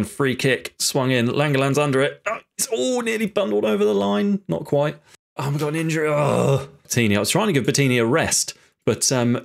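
A man talks through a football management game as he plays it. He sounds exasperated, muttering to himself and swearing now and then. His voice sits at a middling pitch for a man. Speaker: gaming YouTuber. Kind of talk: live football-sim commentary.

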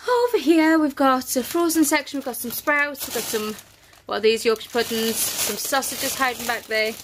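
Chatty, breathless mum vlogger. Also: female voice, high-pitched, normal speed, noisy background. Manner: chatty, self-correcting, laughs easily. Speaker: family vlogger. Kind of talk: casual grocery haul chat.

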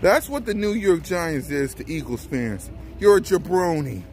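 A man's voice: on the high side, big pitch swings, moderate pace, a little mellow. A man vlogging a mocking, taunting sports rant and laughing often, with faint traffic outside. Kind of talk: trash-talking sports rant.

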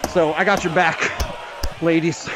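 A man ranting profanely and angrily while boxing in a VR game, out of breath from the workout, with shouted outbursts. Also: a little high, flat delivery, measured pace, a loud crowd. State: out of breath from exercise. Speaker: VR fitness vlogger. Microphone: VR headset mic.

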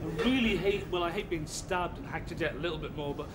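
A man's voice: sits high, heavy background noise. A man in a sitcom, rambling to himself in wry, self-pitying comic monologues. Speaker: sitcom lead.

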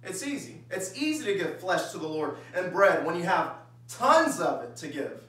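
A man's voice: high voice, very animated, normal speed, sharp tone. A male pastor preaching a sermon, reading scripture aloud and acting out everyday voices in a conversational way. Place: church sanctuary. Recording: echoey church hall, mic far off.

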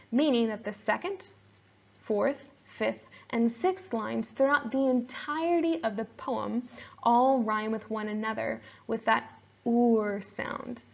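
A woman teacher explaining poetry in a steady, explanatory lesson, sometimes reading verse aloud slowly. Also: a little high, gravelly, muffled recording. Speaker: English teacher.

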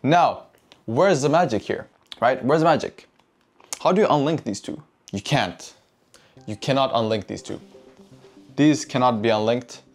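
A man's voice: medium pitch, moderate pace, long pauses, faint music behind. Profane, chatty man teaching trading. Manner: profane, keeps asking "right?", addresses chat. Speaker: trading educator. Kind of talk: casual whiteboard trading lesson.

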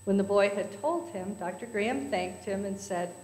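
A woman's voice: medium pitch, normal speed, a little mellow, a little hiss or hum. A woman at a church service telling jokes to the congregation, acting out the characters. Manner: storytelling with voices for characters. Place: church sanctuary. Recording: echoey church hall.

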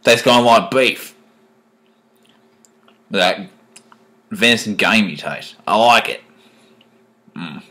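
A man putting on a deliberately bad Australian accent while presenting a food tasting video. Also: fairly low pitch, level tone, fairly bright tone, lightly acted. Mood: jokey.

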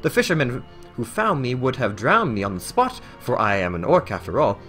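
A man's voice: mid-range voice, very animated, fairly quick, a bit bright, soft background music. A man voicing a dignified female orc librarian in a video game, speaking in formal, old-fashioned phrasing and sometimes stumbling over the words. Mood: earnest. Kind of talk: voicing game dialogue aloud.

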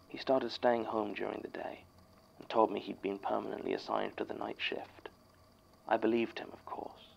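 A gravelly, low-voiced archivist reads a statement in a measured, somber way. The recording is dull and lo-fi, with a faint hiss underneath. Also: male voice. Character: male archivist reading a written statement aloud. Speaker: narrator reading a statement. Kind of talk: scripted horror narration.

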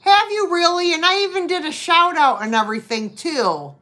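A woman's voice: extremely high pitch, lively intonation, moderate pace, sharp tone. A woman hosting a live online vintage sale, chatting and greeting viewers by name as she shows each item. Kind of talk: live-stream sale chat.

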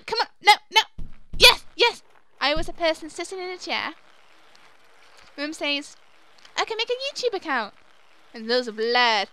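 A young woman hosting a let's play, reacting excitably to the game with squeals and laughter. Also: sits high. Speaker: gaming channel host. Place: home room at her dad's house.

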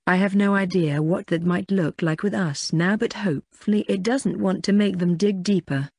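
A woman voicing a young adult man, a patient but scolding older brother, in an audiobook, speaking in a measured, chiding way. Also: mid-range voice, steady tone, a little mellow, breathy edge, no echo, clean studio sound. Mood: stern. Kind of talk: audiobook character reading.

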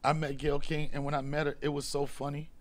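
A middle-aged man, a comedian and host, telling profane stories in casual talk and acting out scenes with loud bursts. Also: a little high, flat delivery, fast. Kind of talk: casual storytelling.

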